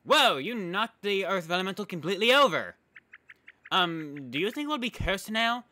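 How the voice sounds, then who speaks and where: Casting: man playing a bright, eager paper-girl sidekick, raised voice, light European lilt, very lively. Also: sits high, normal speed, no room sound, voice pushed up, exaggerated voice. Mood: excited. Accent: European-tinged, put on. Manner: eager, wide-eyed and chatty. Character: cheerful curious young paper girl companion. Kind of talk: reading game dialogue aloud.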